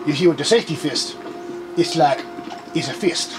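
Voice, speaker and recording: A young man playing a video game with a friend, joking in a playful, deadpan way. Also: on the high side, moderate pace. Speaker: gamer. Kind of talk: casual let's play chat. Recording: noisy home recording.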